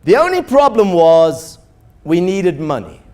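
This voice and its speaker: A man's voice: high voice, big pitch swings, unhurried, a little mellow. A man, a pastor, telling a story in a sermon and acting out the dialogue with animation. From South Africa.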